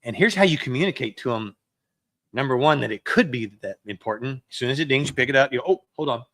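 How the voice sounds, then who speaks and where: A man's voice: medium pitch, lively intonation, fast, a bit bright, dry recording. A man preaching a sermon as a pastor, in a conversational way that acts out everyday excuses.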